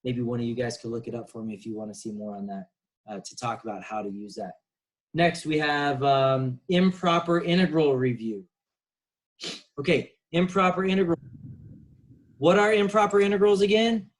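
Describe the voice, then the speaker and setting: A man's voice: medium pitch, moderate pace, poor audio. A man teaching a recorded calculus lesson, explaining casually with many fillers. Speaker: math teacher.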